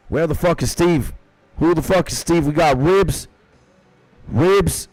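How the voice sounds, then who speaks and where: Young dude streaming a game, talks to chat, swears a lot, dry mic. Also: male voice, fairly high pitch, lively intonation, unhurried, a little mellow, dry recording, rough recording. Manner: swears casually, greets chat viewers by name. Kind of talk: casual live-stream chat and reading game dialogue.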